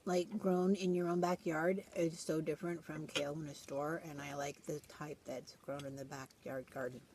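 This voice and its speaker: A woman's voice: low voice, flat delivery, normal speed, crowd noise. A woman co-hosting a casual food chat at home, playful and chatty. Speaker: co-host food critic. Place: home dining table. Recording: clear background noise.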